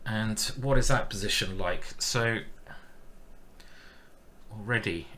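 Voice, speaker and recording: Man, live-stream chess commentary, chatty, thinking aloud, bright voice. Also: lowish voice, takes it slowly, slight background noise. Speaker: chess player streaming his games.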